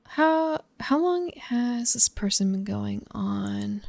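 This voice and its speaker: A woman's voice: mid-range voice, expressive, takes it slowly, creaky, darkish tone, no echo. A woman streaming games live from a home setup, musing and chatting with her viewers and laughing often. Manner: talks to chat between gameplay. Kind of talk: casual live-stream chat while gaming.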